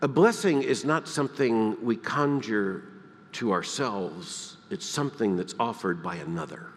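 A man from the Deep South, preaching a sermon, emphatic and swinging between loud peaks and hushed, quiet lines. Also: animated, measured pace, in a large hall. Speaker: pastor. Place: church sanctuary.

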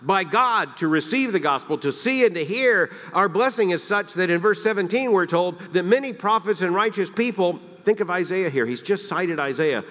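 A man from the Deep South, preaching a sermon, emphatic and swinging between loud peaks and hushed, quiet lines. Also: animated, moderate pace, hardly any pauses, big-room sound. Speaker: pastor. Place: church sanctuary.

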